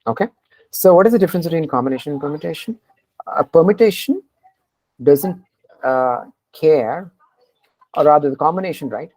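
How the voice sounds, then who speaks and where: A woman, tutoring a programming class. She keeps checking understanding with "right?" and pauses often with fillers. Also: low-pitched, animated, darkish tone, dry recording, low-quality recording. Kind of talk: explaining a coding problem in class.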